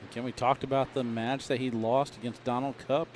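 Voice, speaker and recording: A man's voice: medium pitch, fairly quick, slight background noise. Man calling a cornhole match. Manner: joking, relaxed banter. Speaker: color commentator. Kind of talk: casual sports commentary.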